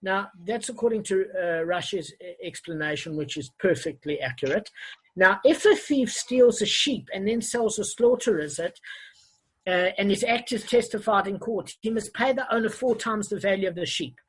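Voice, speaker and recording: A man's voice: sits high, moderate pace, a bit bright, husky, low-quality recording. A man teaching an online Talmud class over a video call, hesitant and often correcting himself with many fillers.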